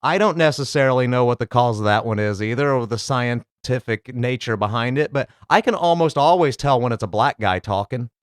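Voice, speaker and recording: A male host riffs casually and crudely on news bloopers. His voice is smooth and crisp, recorded close and dry, and he rambles with loose, laid-back asides. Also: medium pitch, fairly quick, few pauses, dry recording. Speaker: comedic video commentator. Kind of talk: casual profane comedy commentary.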